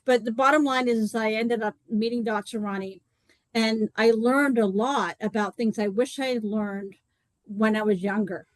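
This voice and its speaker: A woman's voice: fairly high pitch, steady tone, moderate pace, no echo, rough recording. A woman telling a long personal story in a live online talk, chatty and rambling, full of "like" and "you know.". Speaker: co-host presenting a detox program.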